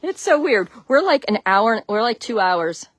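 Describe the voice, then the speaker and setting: This livestream host, a Connecticut woman who keeps backyard chickens, talks in a slightly high, sing-song voice at normal speed, a bit bright and free of echo. She carries her phone through her outdoor chicken run while chatting casually. Greeting viewers by name, she laughs frequently, her Connecticut accent clear.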